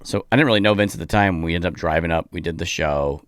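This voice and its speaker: A man, a comedian guest on a podcast, telling stories in a casual, animated way and acting out other people's lines. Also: low-pitched, fast talker, smooth, dry recording, studio quality. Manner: peppers speech with "like".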